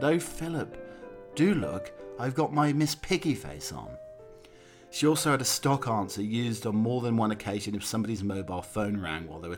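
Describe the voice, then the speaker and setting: A man narrating from a script in a steady, measured reading voice with occasional slips. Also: on the low side.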